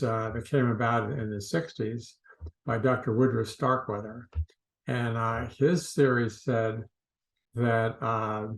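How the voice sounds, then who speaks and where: A man who works as a stuttering therapist, explaining in an unhurried way to camera with frequent filler uhs. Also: mid-range voice, gravelly, roomy sound, poor audio.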